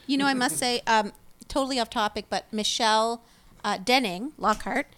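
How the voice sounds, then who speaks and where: A woman co-hosting a live music stream, chatting enthusiastically and giving shout-outs to viewers. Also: on the high side, normal speed. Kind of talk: casual live-stream chat.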